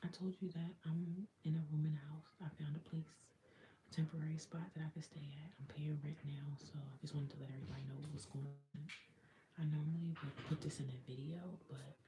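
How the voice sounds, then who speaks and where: A woman talks in a hushed, half-whispered voice, speaking as she chats with viewers on a livestream. She keeps her voice down in a small room of a shared house. A clear layer of background noise sits under her voice. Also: level tone, fairly quick. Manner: talking very low, mostly whispered. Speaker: livestream host. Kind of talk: casual livestream chat.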